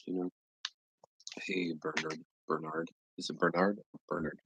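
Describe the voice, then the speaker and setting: An American man chatting casually on a live stream, rambling and joking with long pauses. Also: flat delivery, a bit bright. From United States. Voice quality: slow, low, gravelly voice. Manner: rambling, jokey, drawn-out phrasing with long pauses. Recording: dull, lo-fi, dry stream audio.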